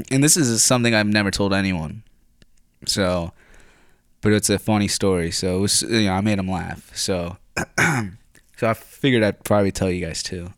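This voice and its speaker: Man, young adult, low pitch, dry recording, rambling profane storyteller, clears throat often. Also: normal speed, dry recording. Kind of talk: casual storytelling.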